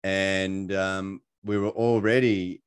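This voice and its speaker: Chatty Australian man, lowish voice. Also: level tone, slow pace, clean tone. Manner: chatty, many fillers, laughs at himself. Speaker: presenter sharing his story. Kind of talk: casual presentation on a video call.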